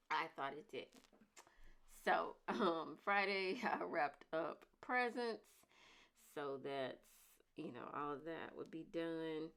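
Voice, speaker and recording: A woman in her thirties, chatting casually to camera as a vlogger, talking in an emphatic way and repeating her points forcefully. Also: on the low side.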